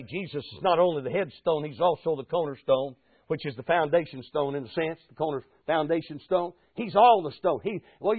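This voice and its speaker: Preacher guy, high voice, gets loud and fervent, dry tinny radio sound. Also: no room sound. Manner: rising to fervent shouts, calls of "Amen?". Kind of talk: sermon. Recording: tinny phone-like radio broadcast.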